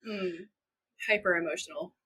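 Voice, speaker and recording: A woman's voice: fairly low pitch, moderate pace, bright, forceful tone, breathy edge, rough recording. A young woman co-hosting a podcast, animatedly retelling scenes and quoting the characters in her own voice. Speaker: podcast co-host. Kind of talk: casual recap chat.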